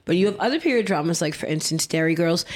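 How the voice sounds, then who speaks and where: A woman in her thirties, her voice sitting on the low side, chats loosely on a podcast. She rambles from one point to the next and keeps talking through bites of food. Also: animated, fast talker. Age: 30s. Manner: chatty, rambling, eats while talking. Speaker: podcast co-host. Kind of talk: casual chat.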